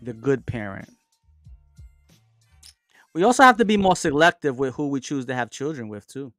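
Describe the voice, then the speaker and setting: A man hosting a casual live stream, chatting loosely, reading out viewers' comments and giving shout-outs. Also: medium pitch, moderate pace, no echo, faint music behind. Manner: reads out and answers viewers' chat comments; relaxed, chatty, with frequent fillers and shout-outs. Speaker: livestream host. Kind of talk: casual livestream chat.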